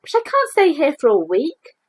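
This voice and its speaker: A woman voicing a gentle, simple male bear in a storybook read-aloud, earnest and plaintive. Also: high-pitched, wildly swooping pitch, normal speed, pitched above the performer's own voice. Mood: anxious. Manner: plaintive, earnest, wailing when stuck.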